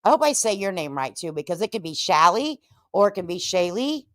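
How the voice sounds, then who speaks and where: Woman, live-stream commentary host, lively swooping pitch, sassy, dry close mic. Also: a little fast, no room sound. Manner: sassy, animated, Southern-tinged endearments.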